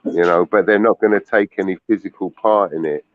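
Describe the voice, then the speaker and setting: A man's voice: low-pitched, fairly quick. A man with a London accent chatting casually, often repeating words as he searches for the next one. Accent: London English. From London, England. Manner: chatty, repeats words while finding them. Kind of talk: casual chat. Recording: tinny phone line with faint hiss.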